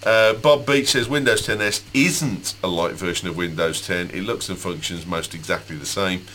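A man's voice: deep voice, moderate pace, sharp tone, a little hiss or hum. A man hosting a casual tech chat, joking and stumbling through many fillers. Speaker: podcast host.

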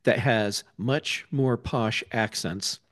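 A man hosting a casual chat stream, with a halting delivery full of fillers and dry jokes. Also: medium pitch, a bit bright. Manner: slow and halting, many fillers, dry humor. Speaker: host.

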